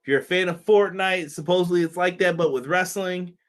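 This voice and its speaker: Brisk and high-voiced, a man runs a laid-back wrestling review podcast. He chats loosely, laughing, swearing, and slipping into mock voices.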